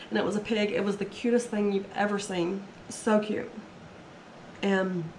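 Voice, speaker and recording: A woman's voice: fairly high pitch, darkish tone, a little hiss or hum. A woman casually talking through her resale haul, chatty and rambling, her voice a little strained from being sick. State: recovering from illness, voice strained. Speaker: reseller vlogger. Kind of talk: casual haul video talk. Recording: echoey room, faint ambience.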